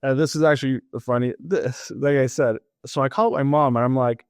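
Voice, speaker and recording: A man's voice: mid-range voice, brisk, clean tone, no echo, studio quality. A man in his thirties, a podcast interview guest, tells his story casually, laughing often and acting out conversations. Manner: animated, laughs often, acts out dialogue.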